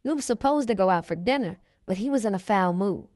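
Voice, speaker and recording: A woman reading a memoir aloud in the first person, in a steady manner. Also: medium pitch, fast, dry recording, clean studio sound. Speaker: reader.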